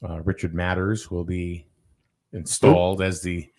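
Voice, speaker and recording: A man with a lowish voice hosts a relaxed local talk show. He talks animatedly and jumps in with quick quips, his pitch often leaping up. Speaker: radio show host. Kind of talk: casual talk show chat.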